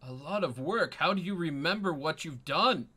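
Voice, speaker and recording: A man's voice: on the high side, lively intonation, moderate pace, bright, forceful tone, husky, pitched above the performer's own voice, heavily acted. A man voicing a jovial male mouse king who laughs heartily and speaks grandly.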